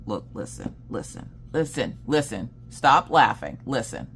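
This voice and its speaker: Deep-voiced woman host, chatty, swoops all over as she tells stories. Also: measured pace, hardly any pauses, husky. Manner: animated, acts out quoted dialogue with big pitch jumps; laughs through her stories. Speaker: craft channel host. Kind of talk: casual chat storytelling.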